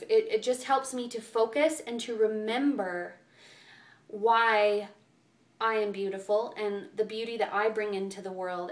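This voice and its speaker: A woman working as a self-love coach gives earnest, encouraging advice in a casual vlog, with lots of fillers. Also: medium pitch. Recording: echoey room, far from the mic.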